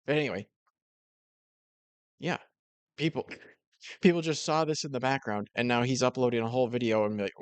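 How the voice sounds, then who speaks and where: A man's voice: mid-range voice, a little fast, pauses often, smooth, dry recording. A man giving casual, mocking commentary on another creator's video. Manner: sarcastic, mocking. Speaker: commentary YouTuber.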